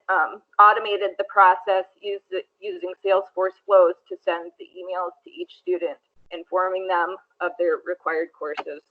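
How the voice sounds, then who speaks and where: A woman student presenting a class project, reading from notes with frequent fillers and restarts. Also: mid-range voice. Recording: tinny phone-like audio.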